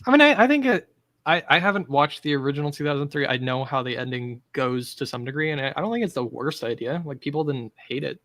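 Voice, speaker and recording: A man guest hosting a casual group chat, opinionated and animated, talking in quick asides. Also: mid-range voice, dry recording, clean studio sound. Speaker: guest host.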